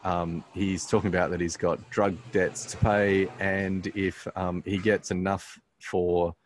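A man, a pastor telling a story as a guest in a casual conversation, halting often with "um" and restarting his sentences. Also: low-pitched, level tone, slight background noise.

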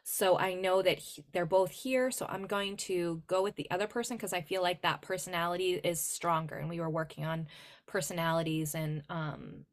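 A woman's voice: fairly low pitch, moderate pace. A woman from New Hampshire, a podcast co-host and medium, telling a story in casual chat and acting out the dialogue with lots of fillers. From New Hampshire, USA. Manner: animated, acts out quoted dialogue, filler-heavy.

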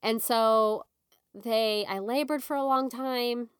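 A young woman tells a personal story in a relaxed, conversational way, jumping into little acted-out quotes and scattering "like" through her sentences. Her voice is smooth and clear, recorded close and dry with no room around it. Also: a little high, slow pace, dry recording. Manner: animated, acts out quotes, frequent "like". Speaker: guest telling her birth story.

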